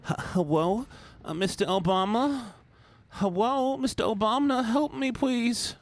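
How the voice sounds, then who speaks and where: A man's voice: very high-pitched, a little slow, pitched above the performer's own voice. A man putting on the voice of a panicked drowning man, stammering and pleading for help. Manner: breathless, stammering pleas.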